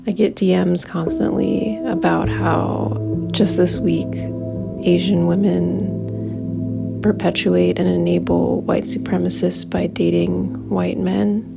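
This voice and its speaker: Slow, gravelly-voiced woman. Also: lowish voice, fairly even intonation. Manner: hesitant, with fillers. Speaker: anonymous contributor. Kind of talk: personal testimony. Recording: loud music bed under voice.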